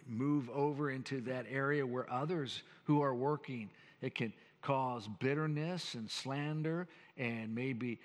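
An older man, a pastor preaching a sermon with folksy, earnest storytelling. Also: mid-range voice. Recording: long church hall reverb.

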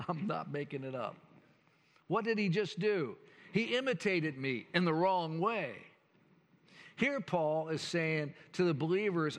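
A man's voice: on the high side, expressive, slow, pauses often, fairly bright tone. Earnest older man preaching in reverberant hall. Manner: folksy, earnest storytelling preacher. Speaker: pastor. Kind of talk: sermon. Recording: long church hall reverb.

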